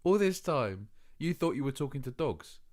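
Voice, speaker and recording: Holly, a man doing a gravelly streetwise she-cat. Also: mid-range voice, very animated, moderate pace, darkish tone, voice pushed up, lightly acted.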